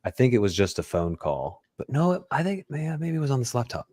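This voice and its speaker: A man's voice: mid-range voice, very animated, fairly quick, a little mellow, no echo. A man hosting a podcast, chatting casually with a guest and affirming him, with frequent fillers. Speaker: podcast host. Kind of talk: casual interview chat.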